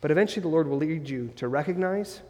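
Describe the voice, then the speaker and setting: A male pastor preaches in an earnest, searching way, stacking up rhetorical questions. His voice sits high for a man. It rings out with the long reverb of a church sanctuary. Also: fast talker, a little mellow. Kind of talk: sermon.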